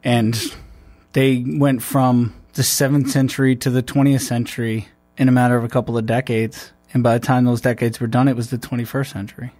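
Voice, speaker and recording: A man's voice: mid-range voice, little pitch movement, brisk, a little mellow, no echo. A man, a military veteran, talking in a loose, rambling way with many restarts and fillers. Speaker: podcast host. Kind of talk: casual conversation.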